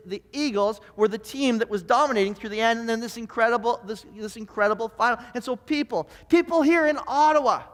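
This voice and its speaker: Brief: male pastor with a very high voice, animated storyteller, church hall reverb. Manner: animated storyteller who stammers and repeats words. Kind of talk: sermon. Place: church sanctuary.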